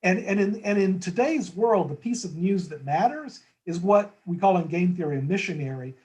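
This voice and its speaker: A man's voice: high voice, animated, moderate pace, a little mellow, low-quality recording. A man as a guest in a conversational market discussion, talking thoughtfully with frequent restarts and tag questions.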